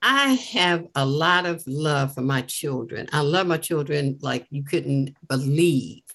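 An older woman speaks in a low, unhurried voice, giving an inspirational devotional talk. She is earnest and leans on repetition, saying key phrases again and again for emphasis. Her pacing is deliberate and measured throughout. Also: lively intonation, fairly bright tone.

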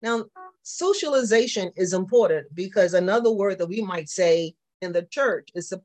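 Southern preacher teaching a church class. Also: male voice, high voice, moderate pace. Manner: repetitive, asks the class questions. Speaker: pastor.

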